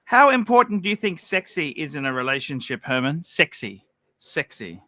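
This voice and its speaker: Bright-voiced blunt livestream host, man. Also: a little high, big pitch swings, brisk, dry recording. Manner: blunt, provocative questions. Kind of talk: casual livestream chat.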